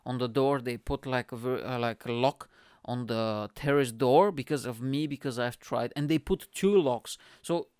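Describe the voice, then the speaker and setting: A man's voice: mid-range voice, clear, resonant tone, dry recording. Young male comedian from Bulgaria, podcast host, rambling slangy storyteller; clean, resonant voice, close and dry. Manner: loose, slangy, says "bro" and "like" a lot. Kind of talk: casual storytelling monologue.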